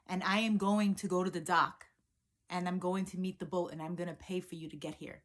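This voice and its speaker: A woman voicing a man's letter to his brother, firm and commanding, a little quieter than her own voice. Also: fairly low pitch, steady tone, a little fast, natural voice. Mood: insistent. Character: man, an insistent older brother writing a letter.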